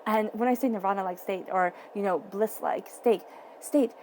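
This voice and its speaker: A woman's voice: mid-range voice, moderate pace, darkish tone, a little hiss or hum. A woman giving a tarot reading straight to the listener, emphatic and repeating her key phrases. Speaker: tarot reader. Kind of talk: tarot reading addressed to viewers.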